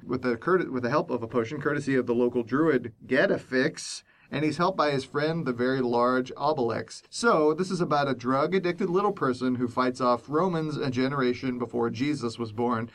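A man's voice: medium pitch, normal speed, few pauses. A man co-hosting a casual group chat, reading prepared notes and laughing at his own puns. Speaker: podcast co-host.

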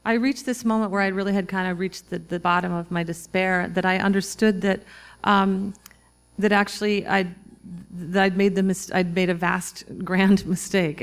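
A woman in her forties speaks to a live audience in a slightly low voice with a gravelly edge. She tells her story reflectively, in halting phrases that often restart. The room sounds like a talk in front of listeners. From Minnesota, US. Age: 40s. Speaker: author giving a talk.

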